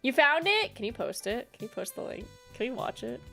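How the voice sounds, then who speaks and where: A woman's voice: fairly high pitch, sing-song, a little fast, bright, forceful tone, soft background music. Chatty woman streamer, laughing often. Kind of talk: casual gameplay chat.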